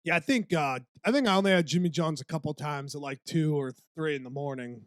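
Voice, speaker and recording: A man's voice: fairly high pitch, brisk, clean tone, dry recording, studio quality. A young man co-hosting a podcast, laid-back and casual, swearing and calling his friend "dude". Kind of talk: casual chat.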